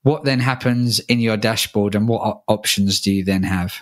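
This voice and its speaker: A man co-hosts a casual podcast, guiding the talk with questions and dropping in light joking asides. His voice sits somewhat low. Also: normal speed. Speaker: podcast co-host.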